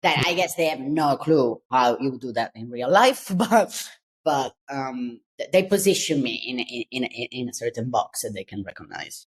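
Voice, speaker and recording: A woman from Italy, a design consultant talking in an interview, lively and quick to laugh. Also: rumbling low, husky. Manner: lively, laughs often, repeats words when searching. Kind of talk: interview conversation.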